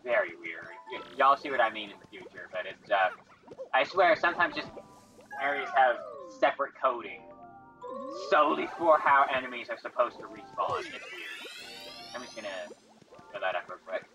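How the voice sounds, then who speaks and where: A woman's voice: extremely low pitch, animated, moderate pace, muffled recording, over music. Chatty woman rambling over a game. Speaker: let's play commentator. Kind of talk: casual game commentary.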